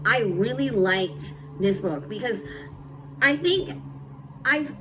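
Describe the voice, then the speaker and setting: A woman's voice: fairly high pitch, animated, takes it slowly, background noise. A young woman casually reviewing books, blunt and emphatic, with lots of "like" and "um". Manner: blunt, emphatic and candid, with frequent "like" and "um". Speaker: book reviewer. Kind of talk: casual book review chat.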